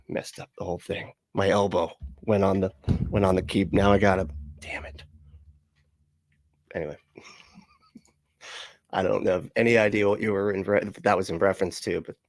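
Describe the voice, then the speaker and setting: A man's voice: low voice, fairly even intonation, normal speed, gravelly, pauses often, no echo, studio quality. A man streaming casually, reading chat comments aloud, rambling with frequent laughs and swearing. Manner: rambling, laughs often, profane asides.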